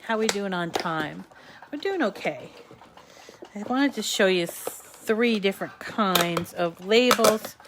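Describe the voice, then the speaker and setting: A woman with a New England accent walks viewers through a craft project on a live show. She talks slowly and unhurriedly, full of "um"s and friendly asides to the audience. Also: mid-range voice, lively intonation, noisy background. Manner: chatty, with many fillers and asides to viewers. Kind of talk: casual live craft demonstration.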